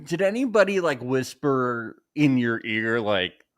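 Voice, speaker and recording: A man's voice: medium pitch, big pitch swings, a little slow, fairly bright tone. A man co-hosting a podcast, asking a guest playful, teasing questions over a video call. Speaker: podcast co-host. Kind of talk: casual interview questions.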